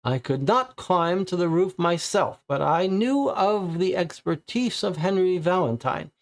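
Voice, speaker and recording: A man putting on a high, pleading male suspect. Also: animated, a little slow. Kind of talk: read-aloud case file role-play.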